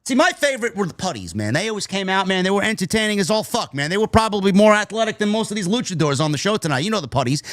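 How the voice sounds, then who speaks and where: Lively profane man reviewing wrestling. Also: high-pitched, very fast, few pauses, no room sound, clean studio sound. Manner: profane, nostalgic, tangent-prone. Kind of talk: casual rambling review.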